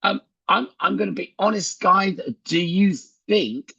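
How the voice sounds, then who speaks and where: Man, sales trainer, raspy voice, chatty storyteller, dry muffled video call audio. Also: sits high, unhurried, pushed and bright, no echo. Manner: chatty storyteller who acts out dialogue.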